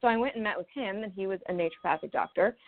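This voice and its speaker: A naturopathic doctor in her thirties from Maryland, USA, tells her own story in a chatty interview, acting out quotes with asides and laughs along the way. Her mid-range voice races, and the audio has a phone-line quality.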